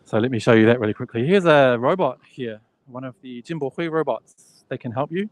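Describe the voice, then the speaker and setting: A vlogger gives a casual live walking tour of a huge indoor expo hall, filming on a handheld phone. His mid-range voice is expressive and fairly quick as he chats, laughs easily and thinks aloud.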